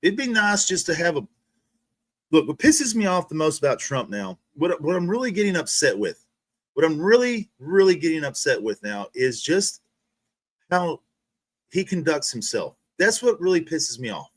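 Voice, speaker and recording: A fired-up man on a livestream, swearing constantly and circling back over his own sentences as he rants. His voice sits a bit high, and the sound is close and dry. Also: very animated, normal speed, no room sound. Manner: profane, heated, repeats himself with restarts. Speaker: livestream host. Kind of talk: ranting casual monologue.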